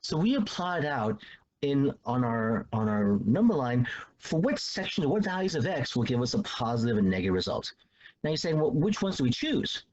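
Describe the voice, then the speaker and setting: A man's voice: medium pitch, big pitch swings, normal speed, darkish tone, dull audio. A man teaching a math lesson in a casual, loose way, repeating himself as he explains. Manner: loose, repetitive explaining with restarts and fillers.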